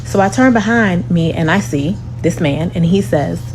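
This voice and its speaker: A woman telling a dramatic airport story to her viewers in a sassy, lively way. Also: fairly low pitch, normal speed, soft background music, poor audio. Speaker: storytelling vlogger. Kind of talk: animated storytime. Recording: humming background noise.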